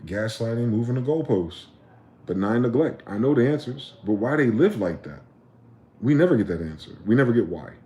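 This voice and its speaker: A man's voice: medium pitch, lively intonation, normal speed, mellow. A man delivering an impassioned, profane solo rant, firing off rhetorical questions. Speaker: vlogger. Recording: echoey room.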